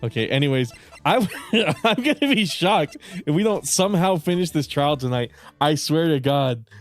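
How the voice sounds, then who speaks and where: A man's voice: fairly high pitch, expressive, normal speed, faint music behind. A man streaming a video game in casual commentary, joking, swearing a lot and laughing often. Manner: profane, joking, frequent laughter. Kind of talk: casual gaming livestream commentary.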